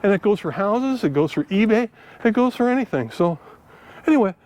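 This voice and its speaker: A man's voice: sits high, very animated, fairly quick, darkish tone. An older man, a vlogger, telling a folksy story in casual monologue and acting out both sides of the conversations in his own voice. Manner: folksy, chatty, acts out dialogue in his own voice. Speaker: vlogger giving selling tips.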